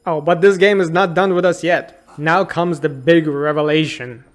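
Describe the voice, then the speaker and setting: Man, 30s, high voice, sarcastic, incredulous, comedic game review narration. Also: steady tone, moderate pace, faint music behind.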